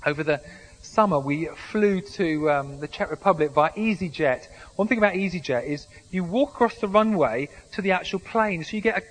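High-voiced preacher, chatty sermon. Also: male voice, animated, moderate pace, poor audio. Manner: conversational, self-deprecating humour, frequent restarts. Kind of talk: sermon with anecdotes.

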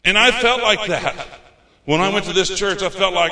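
Male pastor, folksy storytelling sermon; bright, forceful voice in a reverberant church. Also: sits high, moderate pace. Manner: folksy storytelling preacher, acts out his own past words. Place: church sanctuary. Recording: echoey church hall.

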